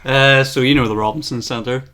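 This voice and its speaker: A man's voice: medium pitch, steady tone, moderate pace, pushed and bright. A young man hosting a casual podcast chat, telling stories conversationally, laughing often and swearing freely. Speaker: podcast host.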